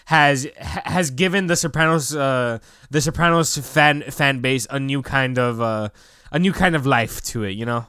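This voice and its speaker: Bright-voiced young man, loose chat. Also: medium pitch, moderate pace, smooth, dry recording, studio quality. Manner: loose and rambling, heavy fillers, swears. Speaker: podcast co-host. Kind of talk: casual chat.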